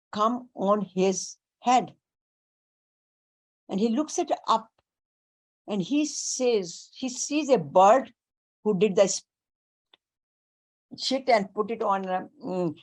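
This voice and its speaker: A woman giving a spiritual talk, speaking deliberately and weaving in Sanskrit and Hindi terms. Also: medium pitch. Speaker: spiritual teacher.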